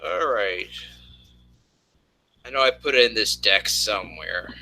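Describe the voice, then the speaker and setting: A man's voice: on the low side, animated, measured pace, creaky, pushed and bright. A man hosting a casual gaming chat at home, rambling with lots of fillers. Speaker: host. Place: home room with PC.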